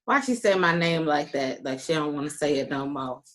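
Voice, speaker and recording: Low-voiced talkative woman. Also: expressive, brisk. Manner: talkative, earnest, folksy. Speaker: panelist. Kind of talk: round-table closing remarks. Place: virtual meeting. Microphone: video call.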